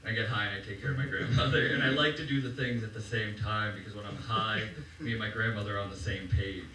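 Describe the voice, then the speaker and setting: A man's voice: on the low side, fairly even intonation, quick pace, pushed and bright, recorded from a distance, slight background noise. A young man doing a stand-up set on a comedy club stage, joking loosely and chatting with the crowd. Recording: roomy live club sound from afar.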